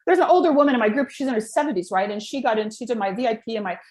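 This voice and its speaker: A woman coach talking as a guest on a video call, blunt and energetic, laughing often as she tells stories. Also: fairly high pitch, very fast. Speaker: guest, camera-presence coach. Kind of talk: animated conversational storytelling. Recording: echoey room.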